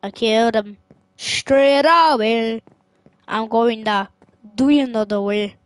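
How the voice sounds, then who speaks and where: A woman giving casual, excitable gameplay commentary as a streamer. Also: a little high, takes it slowly, clean tone, no room sound. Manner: excitable, yelps and exclaims while playing. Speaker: gaming streamer.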